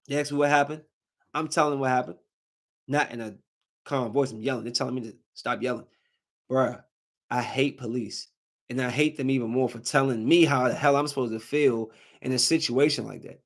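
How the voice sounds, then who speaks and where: A man hosting a podcast, ranting heatedly in casual speech, his voice climbing toward a shout as he gets angry. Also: mid-range voice, fairly even intonation, a little fast. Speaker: podcast host.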